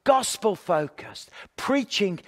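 Male pastor, earnest sermon delivery, repeats phrases in lists; voice sits high, long reverb tail. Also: expressive, slow pace. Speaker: pastor and evangelist.

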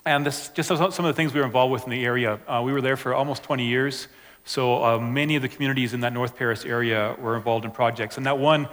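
In an echoing hall, a man with a mid-range, fairly bright voice gives a church audience a slide presentation about his missionary work. He talks quickly with fairly even intonation, casual and hesitant, leaning on fillers.

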